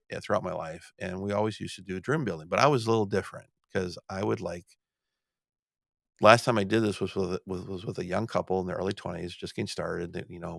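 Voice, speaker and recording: Middle-aged guy rambling on his podcast, low gravelly voice, trips over his words a lot, dry close sound. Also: fairly bright tone, no echo. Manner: storytelling with many restarts and stammered repeats. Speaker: podcast host. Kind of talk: rambling casual monologue.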